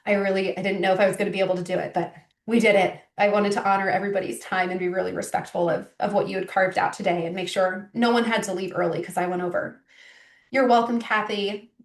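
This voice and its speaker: A middle-aged woman coach hosting a live online workshop, warm, effusive and grateful as she wraps up, speaking over a video call. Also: medium pitch, level tone, fast. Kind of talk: live webinar wrap-up. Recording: roomy sound, distant from the mic.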